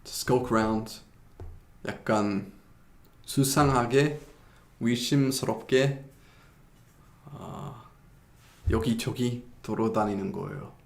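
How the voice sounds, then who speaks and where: Gravelly British man teaching casually. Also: on the low side, racing, pauses often. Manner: chatty, searches for words with many restarts; laughs at himself. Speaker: English teacher. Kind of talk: casual language lesson. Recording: roomy echo.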